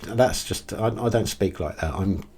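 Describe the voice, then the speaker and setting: Blunt low-voiced man with a husky tone. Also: normal speed, a little mellow. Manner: blunt, exasperated, with frequent ums and restarts. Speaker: crypto video host. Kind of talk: casual commentary video.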